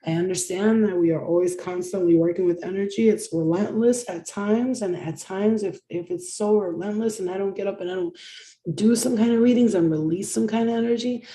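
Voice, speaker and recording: Blunt, mellow-voiced woman reading tarot. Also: mid-range voice, echoey room. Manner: blunt and profane, with fast repeated chanting. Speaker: tarot reader. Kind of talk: casual live-stream tarot reading.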